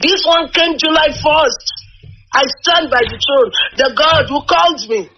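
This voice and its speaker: A woman's voice: high-pitched, a little slow, muffled recording, a little hiss or hum. A woman, a prophetess guest on a talk show, speaking in a fervent, preaching, insistent way.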